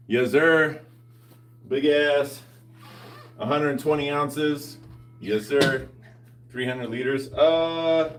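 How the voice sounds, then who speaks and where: A man's voice: medium pitch, far from the mic. A man chatting casually with viewers, laid-back and slangy, laughing often. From United States. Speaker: fitness vlogger. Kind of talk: casual chat answering live viewers.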